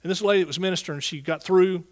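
A man with a high-pitched voice talks very fast, telling a congregation in a Southern US accent about his calling as a Bible teacher. The testimony is folksy and earnest, with restarts, given during a church service.

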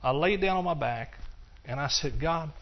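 An older Texan man delivers a sermon built on his own testimony, earnest and repetitive. His slightly high voice shifts between hushed, slow passages and passionate bursts, captured on a dull, lo-fi recording.

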